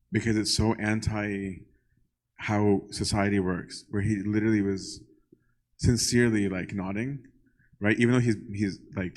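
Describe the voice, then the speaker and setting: Lower-voiced priest chatting conversationally. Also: male voice, darkish tone, rough recording. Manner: conversational, keeps asking "right?" and acts out little dialogues. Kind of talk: casual Q&A talk to a congregation.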